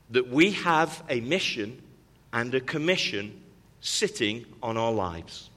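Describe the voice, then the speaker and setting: A man's voice: medium pitch, very animated, a little slow, fairly bright tone, big-room sound. A man preaching a sermon as pastor, with an emphatic, repetitive cadence that builds through rising calls.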